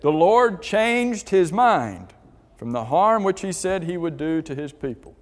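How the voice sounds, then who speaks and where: A man's voice: sits high, big pitch swings, a little slow. A man teaching a church Bible class, asking the class questions and reading scripture aloud. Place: church hall. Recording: long hall reverb.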